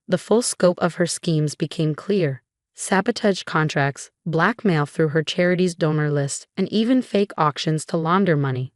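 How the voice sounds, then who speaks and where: A woman reading a dramatic first-person revenge story as a scripted narration, measured and even. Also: low voice, no room sound, studio quality.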